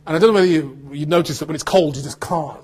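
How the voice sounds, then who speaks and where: English man, actor, animated storyteller, husky, slightly high voice. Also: quick pace. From United Kingdom. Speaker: actor giving a talk to students. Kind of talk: anecdotal talk with audience.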